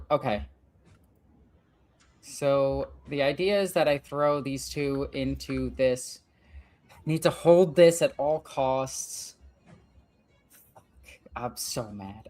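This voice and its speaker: A woman's voice: a bass voice, darkish tone. A woman hosting a gaming channel, talking to herself through a strategy game, frustrated and swearing as she plans her moves. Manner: frustrated, thinking aloud, swearing. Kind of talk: let's play commentary.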